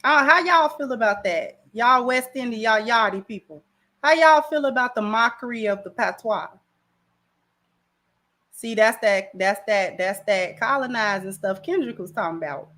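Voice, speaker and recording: A woman's voice: on the high side, expressive, moderate pace, bright, forceful tone. A woman hosting a livestream, talking casually in a slangy, rambling way on a camera mic. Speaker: livestream host.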